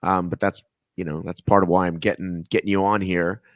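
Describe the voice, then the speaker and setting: A man hosts a relaxed chat, joking and wandering off on tangents. His voice sits fairly low, and the sound is dry and close. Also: brisk, no room sound. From American South. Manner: rambling, jokey, goes off on tangents. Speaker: podcast host. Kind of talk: casual video-call interview.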